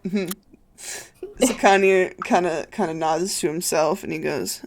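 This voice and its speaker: A game master narrates a tabletop game for a live stream, pausing often with filler words and restarts. The delivery is unhurried and slow. The voice has a gravelly, creaky texture. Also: mid-range voice. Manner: hesitant, many fillers and restarts.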